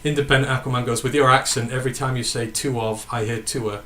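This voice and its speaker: A man's voice: mid-range voice, fairly even intonation, quick pace, sharp tone, slight background noise. A man with a northern English accent hosting a casual sports podcast, rambling and correcting himself as he answers live chat questions. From northern England. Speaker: podcast host.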